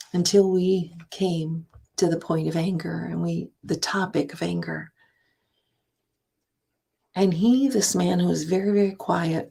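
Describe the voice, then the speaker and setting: A woman author giving a reflective self-help talk, asking herself rhetorical questions and often dropping into a soft, breathy near-whisper. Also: fairly low pitch. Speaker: author and divorce speaker.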